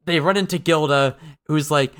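A medium-pitched, clear, resonant and slightly bright voice belongs to a podcast co-host who talks at a moderate pace, rambling wryly through casual chat with many fillers and restarts.

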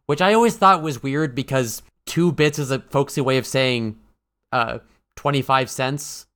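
His voice sits in the mid range, with a fairly bright tone and an unhurried delivery. He's a male podcast co-host in a loose, wry chat, full of fillers, restarts, and rambling.

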